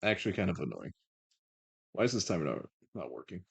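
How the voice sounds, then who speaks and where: A man's voice: sits low, sing-song, fast, gravelly, breathy edge, dry recording. A man hosting a live stream, chatting casually and playfully bantering with his chat and thanking viewers. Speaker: streamer host.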